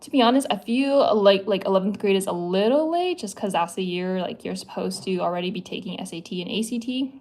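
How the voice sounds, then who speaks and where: A woman's voice: mid-range voice, fairly quick, few pauses, darkish tone. Young woman rambling on her livestream, playful and giggly, lots of likes. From Midwest US. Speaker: livestream host answering chat. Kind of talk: casual livestream chat.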